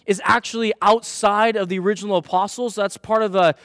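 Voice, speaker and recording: High-voiced, chatty young pastor. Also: male voice, brisk, dry recording, studio quality. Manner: chatty, animated, self-mocking storyteller. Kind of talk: sermon with a personal story.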